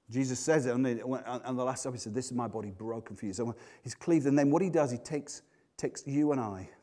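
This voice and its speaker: A man preaching a sermon, animated, swinging from loud exclamations to hushed tones. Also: mid-range voice.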